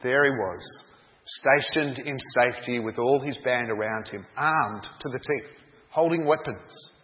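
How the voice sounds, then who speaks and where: A man preaching a sermon, telling a story in a dramatic, deliberate way. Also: mid-range voice. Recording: dull echoey hall sound.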